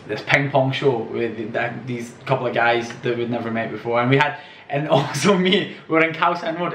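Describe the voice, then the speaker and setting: A man's voice: medium pitch, a bit bright, a little hiss or hum. A young man telling travel stories in a rambling way, swearing and laughing as he goes. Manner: rambling, profane, laughing storyteller. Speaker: travel vlogger. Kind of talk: casual anecdote storytelling. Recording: roomy echo, distant from the mic.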